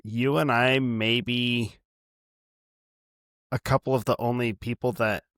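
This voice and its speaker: A man co-hosting a film podcast in casual chat, animated and laughing often, talking in long run-on thoughts. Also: medium pitch, slow pace, dry recording, clean studio sound. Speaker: podcast co-host.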